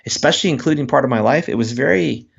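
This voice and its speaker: A man's voice: medium pitch, quick pace, vocal fry, breathy edge, lo-fi sound. A man speaking as a guest author in an interview, talking earnestly and candidly about his life, often restarting his sentences. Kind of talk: reflective interview talk.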